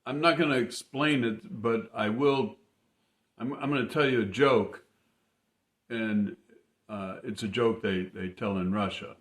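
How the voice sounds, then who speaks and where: A man voicing a grim, matter-of-fact Russian man in an earnest, halting way, repeating words as he explains. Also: on the low side, steady tone, natural voice. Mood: earnest explaining. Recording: roomy echo.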